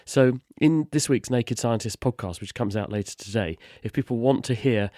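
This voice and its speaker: Hoarse man explaining science. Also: medium pitch, warm tone, dry recording, studio quality. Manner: brisk, wry, explanatory. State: hoarse from a cold. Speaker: science guest expert. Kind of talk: radio phone-in explainer. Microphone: remote video call.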